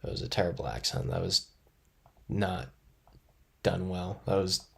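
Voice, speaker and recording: Live-streaming a geography guessing game, this man's low, creaky voice is very animated, though his pace stays measured. He reasons out loud, chats casually with viewers as he reads their messages, and jokes at his own expense.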